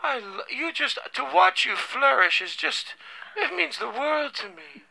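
A prim, bigoted older schoolteacher gushes in a syrupy, gravelly voice, as a man puts her on in an improvised comedy bit. Her tone is piercingly bright and pitched well above a man's usual range. She sounds doting and sugary. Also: very animated, measured pace, full character voice, poor audio. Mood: gushing. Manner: gushing, syrupy. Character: prim older woman teacher, sweet but bigoted.

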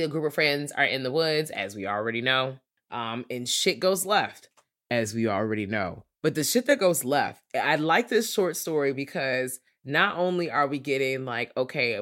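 A woman co-hosting a podcast, recapping a horror comedy in a casual, profane and animated way. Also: rumbling low. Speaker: podcast co-host. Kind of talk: casual movie review chat.

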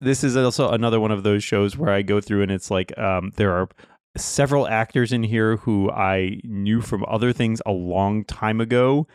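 Excitable man chatting, dry mic. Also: fairly low pitch, moderate pace, smooth, no room sound. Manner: excitable, rambling with fillers. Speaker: podcast co-host. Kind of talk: casual chat.

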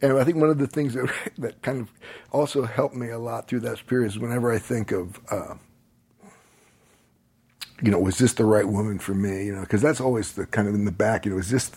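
A man telling a long personal story in casual chat, rambling and animated, often laughing as he talks. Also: lowish voice, fairly quick, husky.

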